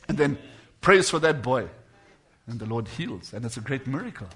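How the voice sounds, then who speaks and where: A man preaching a sermon to his congregation, shifting between hushed and loud passages and stretching words slowly for emphasis. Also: mid-range voice, lively intonation.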